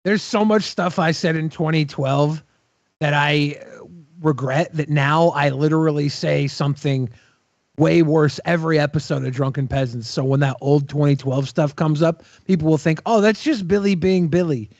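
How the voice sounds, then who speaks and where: A man co-hosting a casual podcast, trading crude, provocative jokes. His voice sits notably high. The sound is dry and a little dull. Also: fairly even intonation, moderate pace, darkish tone, dry recording. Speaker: podcast co-host.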